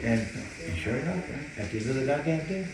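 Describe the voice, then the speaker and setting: A man guesting as a boxing trainer, telling gym stories with plenty of swearing and restarts. His voice sits at a middle pitch and sounds roomy, with a noticeable background noise. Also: fast talker. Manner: profane, animated, repeats words while telling stories. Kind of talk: casual interview storytelling.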